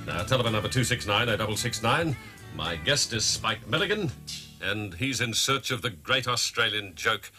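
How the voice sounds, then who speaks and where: A man hosting a radio talkback show, introducing his guest and taking calls in a brisk announcer manner. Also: fairly low pitch, sing-song, pushed and bright, faint music behind. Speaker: radio talk show host.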